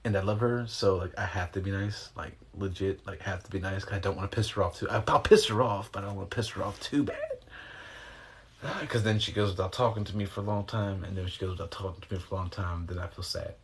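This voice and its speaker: Deep-voiced man rambling on a livestream. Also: quick pace, slight background noise. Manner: rambling, loose and slangy, with mild swearing. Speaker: livestreamer answering viewer questions. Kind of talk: casual livestream chat and guided breathing instruction. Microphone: phone.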